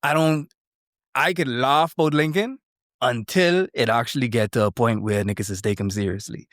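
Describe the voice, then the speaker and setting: A man co-hosting a podcast, talking in an animated, joking way. His voice sits in an ordinary middle pitch. The mic is close and dry, with no room sound. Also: normal speed, dry recording. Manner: animated, joking, slangy Caribbean speech. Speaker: podcast co-host. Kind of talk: casual chat.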